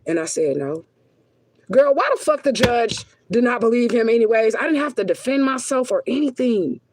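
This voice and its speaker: A woman's voice: a little high, animated, normal speed, background noise. A woman spiritual reader giving a casual reading, talking in a blunt, profane way and repeating herself with heat for emphasis. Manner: emphatic, heated repetition.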